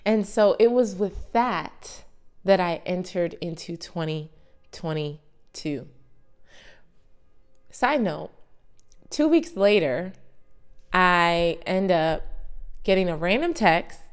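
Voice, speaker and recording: A woman around thirty, a podcast host, tells a personal story in a chatty, animated way with asides to her listeners. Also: on the low side, slow pace, long pauses, clean tone. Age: late 20s to early 30s.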